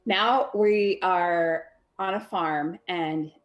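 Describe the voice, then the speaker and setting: Woman, low-pitched, co-host, casual storyteller, profane, offhand. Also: drawn-out words, highs cut off, soft background music. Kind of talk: casual comedic story retelling.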